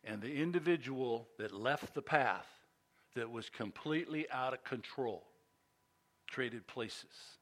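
An older man preaching a sermon, telling a personal story in an animated, chatty and self-mocking way, with fillers and restarts. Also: mid-range voice, slow pace. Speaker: pastor.

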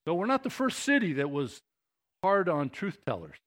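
Pastor preaching with rising passion. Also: male voice, sits high, sing-song, normal speed, fairly bright tone. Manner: conversational, building to impassioned emphasis. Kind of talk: sermon.

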